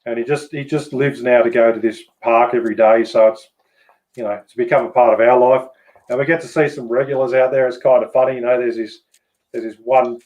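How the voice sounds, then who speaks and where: A man with an Australian accent chatting casually as host, relaxed and swearing freely. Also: mid-range voice, lo-fi sound. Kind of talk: casual chat.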